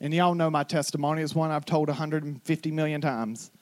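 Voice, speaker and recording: A young adult male pastor preaching a sermon, telling his story quietly and then rising to shouted declarations. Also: on the high side, steady tone, brisk.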